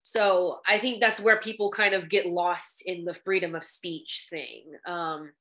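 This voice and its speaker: A woman's voice: lowish voice, steady tone, unhurried, a bit bright. A woman guest in casual chat, blunt and profane, saying "like" and "bro" often. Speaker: guest, influencer.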